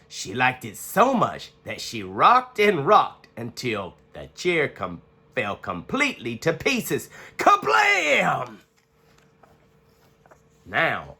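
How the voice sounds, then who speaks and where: A man reading a children's picture book aloud in an expressive, playful manner. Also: mid-range voice, slow pace. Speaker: storyteller. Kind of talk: children's story read-aloud.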